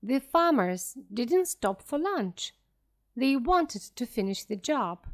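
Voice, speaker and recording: A woman reading a graded storybook aloud in a clear, expressive storytelling voice. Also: a little high, takes it slowly.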